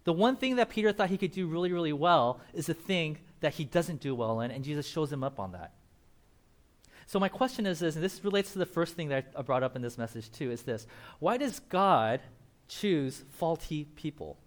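A young man preaching a casual sermon as pastor, animated, acting out Bible characters and laughing often. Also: a little high, a little fast.

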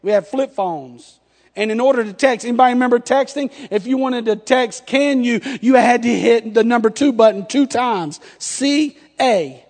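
A pastor in his thirties delivers a sermon in a strikingly high voice at a moderate pace, telling a playful story and acting out each exchange. A long hall reverb trails behind his words.

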